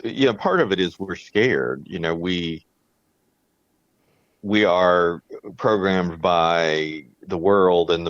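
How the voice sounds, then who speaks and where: This man co-hosts a podcast in a casual chat, speaking earnestly and reflectively and often restarting his sentences. His voice sits low. The recording is dry, dull and lo-fi.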